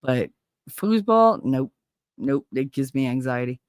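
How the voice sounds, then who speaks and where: A woman's voice: very deep voice, lively intonation, a little slow, no echo, clean studio sound. A woman hosting a casual livestream, chatting and joking while reading viewer comments, her voice nasal from a stuffy nose. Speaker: host.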